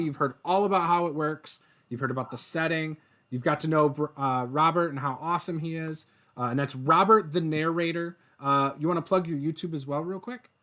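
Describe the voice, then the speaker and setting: Eager male show host, slightly higher voice, rambles quickly while explaining. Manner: excitable, rambling storyteller. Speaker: podcast host. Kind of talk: casual interview chat.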